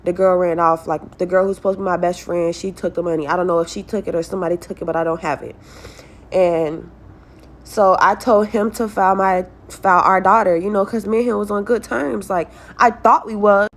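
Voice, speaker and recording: A young woman vents to her viewers in a casual story-time vlog about her life, talking straight to them in a blunt, stressed way with heavy swearing. Her medium-pitched voice is brisk with fairly even intonation.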